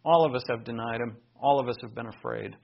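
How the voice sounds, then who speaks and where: A man's voice: mid-range voice, quick pace, gravelly, dull audio. A man preaching a sermon, retelling scripture in an earnest, conversational way with personal asides.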